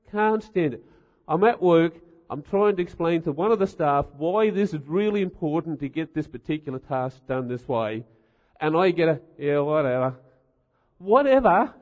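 A middle-aged man preaches in a wry, animated storytelling way and throws in rhetorical asides. His voice sits a bit high for a man. The sound is dull and trails off into a long hall reverb. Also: normal speed. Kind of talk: humorous sermon storytelling.

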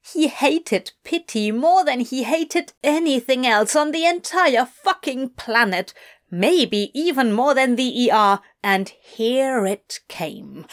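A woman narrates an audiobook with a slow, measured delivery. Her voice sits fairly high, and her pitch rises and falls expressively as she reads. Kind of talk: audiobook reading of fiction.

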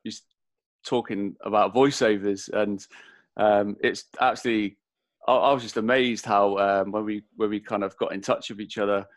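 Halting English podcast host. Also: male voice, on the low side, fairly even intonation, no echo. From England. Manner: rambling, halting, with many fillers and restarts. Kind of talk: casual interview chat.

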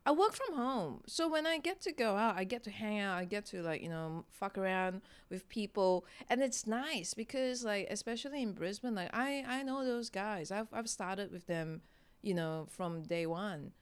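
A woman's voice: mid-range voice, moderate pace, clear, resonant tone. A woman comedian, chatting in an interview, self-deprecating and laughing often. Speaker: stand-up comedian, guest. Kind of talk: casual interview chat.

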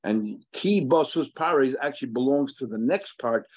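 A man's voice: mid-range voice, animated, moderate pace, a little mellow, slightly rough, no echo. A man giving a daily Talmud class, thinking aloud, repeating phrases and weaving Hebrew and Aramaic terms into his English. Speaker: Talmud teacher. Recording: dry, dull lo-fi recording.

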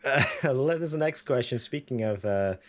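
A man's voice: mid-range voice, lively intonation, normal speed. Rambling, laughing male podcast host. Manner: rambling storyteller, laughs often, many fillers. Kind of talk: casual chat.

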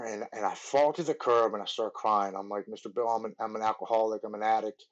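A man in his forties from Maryland, a podcast guest telling his recovery story in an earnest, halting way, often restarting his words. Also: fairly low pitch, fairly even intonation, dull audio. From Maryland, USA.

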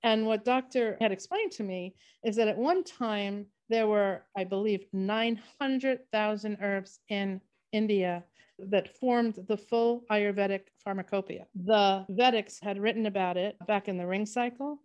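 A woman's voice: mid-range voice, unhurried, darkish tone, clean tone. A woman co-hosting a podcast, chatting casually and telling long rambling stories. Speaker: podcast co-host. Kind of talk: casual chat.

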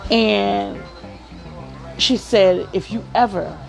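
A woman's voice: medium pitch, very slow, creaky, soft background music. A woman hosting a podcast, giving work advice in a casual monologue, often checking in with "okay?" and "right?".

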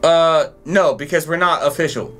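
A man, co-hosting a casual podcast, telling stories in an animated, profane way. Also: fairly high pitch, normal speed, faint music behind. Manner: animated storytelling, swears a lot, acts out voices loudly. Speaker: podcast co-host.

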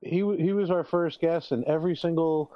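Co-host, enthusiastic, halting, slightly muffled, dry. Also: male voice, a little high, dry recording. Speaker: podcast co-host. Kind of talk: casual chat. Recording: slightly dull dry sound.

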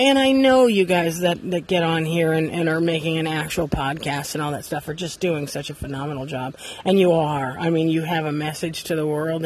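A woman's voice: on the low side, slight background noise. A woman hosting a casual monologue podcast, talking candidly and rambling, sitting outdoors beside her bus. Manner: rambling, candid, self-deprecating. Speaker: podcast host.

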